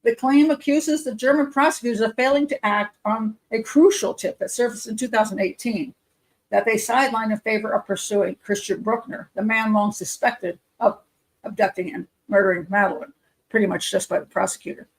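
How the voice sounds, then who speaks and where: A woman's voice: fairly high pitch, fairly even intonation, a little fast, low-quality recording. A woman hosting a live show as a criminal profiler, reading news aloud with skeptical, muttered asides and self-corrections.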